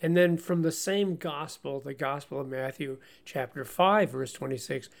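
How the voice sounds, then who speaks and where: A man co-hosting a Bible-study radio show, teaching in an animated way with frequent laughs and stumbling restarts. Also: fairly high pitch, normal speed, creaky.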